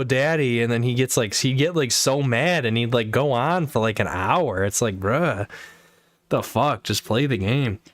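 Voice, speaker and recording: A man's voice: medium pitch, fairly bright tone, dry recording, clean studio sound. Rambling, swearing man on a livestream. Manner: rambling, profane, many fillers and restarts. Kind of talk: casual chat.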